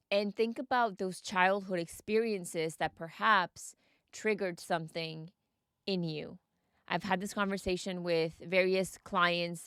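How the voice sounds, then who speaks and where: A woman's voice: fairly low pitch, clean tone, dry recording, studio quality. A woman hosting a podcast and talking straight to her listeners in an earnest, encouraging way, often putting questions to them. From United States. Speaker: podcast host and mindset coach. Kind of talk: reflective podcast monologue.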